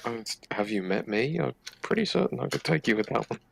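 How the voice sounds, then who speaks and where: A man's voice: medium pitch, animated, a little fast, gravelly, a little hiss or hum, poor audio. A man playing a tabletop role-playing game, blunt and swearing freely. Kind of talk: casual tabletop play over voice chat.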